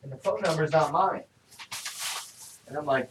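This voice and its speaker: A man's voice: a little high, moderate pace. A middle-aged man talking candidly in a personal video diary, venting and swearing often. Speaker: vlogger. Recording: distant mic with faint background noise.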